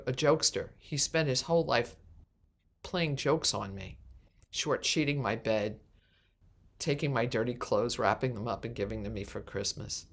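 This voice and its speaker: A woman minister telling a personal story during a sermon, animated and acting out the voices of the people in it, with many restarts. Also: extremely low pitch. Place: congregation meeting hall.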